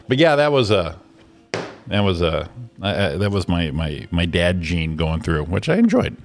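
A man hosting a morning radio show, telling stories in a loose, profane, animated way and acting out grumpy voices. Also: low voice, moderate pace, soft background music. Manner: animated storyteller, swears freely, acts out grumpy voices. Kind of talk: casual chat.

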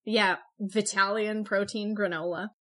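A woman co-hosting a podcast in casual, joking chat who laughs often and turns brisk when going through history notes. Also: medium pitch, steady tone, pushed and bright. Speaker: podcast co-host.

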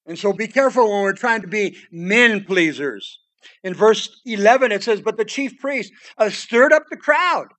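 A man with a notably high-pitched voice delivers a verse-by-verse sermon. He talks straight to his listeners, calling them "guys" and telling them to listen. He punches some lines out loud, then drops to a near-hush for pleading asides. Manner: emphatic, swings between loud declarations and hushed pleading asides. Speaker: preacher. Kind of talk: expository sermon.

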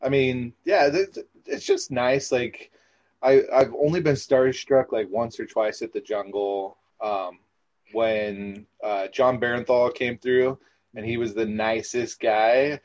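A young man telling stories in a casual interview, animated and rambling with lots of fillers. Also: medium pitch, slow pace. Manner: animated, rambling, filler-heavy with frequent laughs. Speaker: podcast guest, former theme park ride guide. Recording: dull lo-fi recording.

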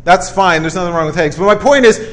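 Male preacher, raised pitch, chatty sermon delivery with punchy short lines. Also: animated, fast, fairly bright tone. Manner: conversational, keeps checking in with listeners; emphatic, punchy short phrases.

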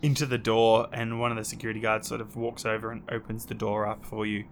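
A man's voice: on the low side, fast talker, a little hiss or hum. A man narrating as game master of a tabletop game, laughing often. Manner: laughs often, lively voices for guards.

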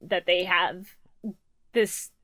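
A woman's voice: fairly low pitch, steady tone, extremely slow, bright, forceful tone, dry recording. A young adult woman co-hosting a podcast in casual chat, laughing often and swearing freely. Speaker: podcast co-host.

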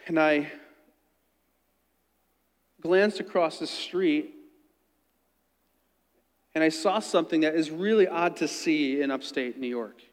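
High-voiced man telling a sermon story. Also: slow, pauses often, long reverb tail. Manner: earnest, conversational, quiet when quoting.

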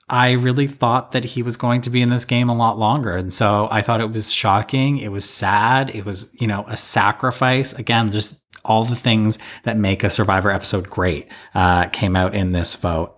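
Podcast co-host, male, lowish voice, loose rambling recap talk with lots of fillers. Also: steady tone, normal speed, a bit bright. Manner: rambling, thoughtful, many fillers. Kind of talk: casual recap chat.

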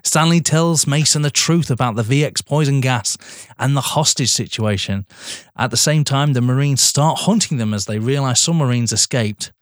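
A man's voice: mid-range voice, no echo, studio quality. A young man casually recapping a film plot on a podcast, swearing and laughing often. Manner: animated, swearing, laughs often, acts out lines. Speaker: podcast co-host.

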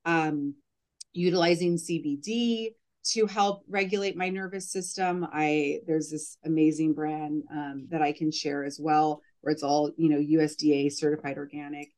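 A woman's voice: low voice, fairly even intonation, normal speed, darkish tone. A woman who coaches mothers, talking earnestly in a casual podcast interview and using "like" often.

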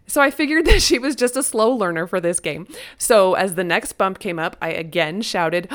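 A middle-aged woman casually tells a personal story about her own childhood and her children at a moderate pace. She's animated, suddenly jumping into high, loud voices when quoting herself and her daughters.

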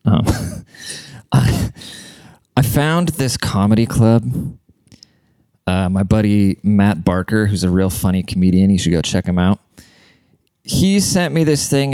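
Blunt, profane man with a smooth low voice. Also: darkish tone, no echo. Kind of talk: casual monologue.

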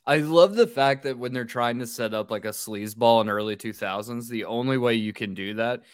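A man's voice: mid-range voice, a little fast, clean tone, no echo, studio quality. Sarcastic man recapping a film on a podcast. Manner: sarcastic, profane, animated quoting. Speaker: podcast host.

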